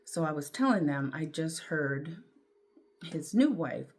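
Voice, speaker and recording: A middle-aged woman, telling a personal story to camera in a candid, rambling way, with fillers and throat clearing. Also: sits low, lively intonation, measured pace. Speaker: vlogger.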